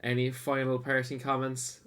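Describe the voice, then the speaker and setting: Relaxed esports host. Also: male voice, medium pitch, clear, resonant tone. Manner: relaxed, friendly, halting with restarts. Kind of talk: casual post-match commentary.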